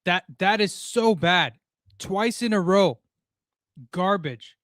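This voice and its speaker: A man watching football live for his viewers and ranting his frustration with stammered restarts and curses. His voice sits a little high and sounds close and dry, with no room around it. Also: slow, fairly bright tone, no echo. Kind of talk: live match reaction. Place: home room.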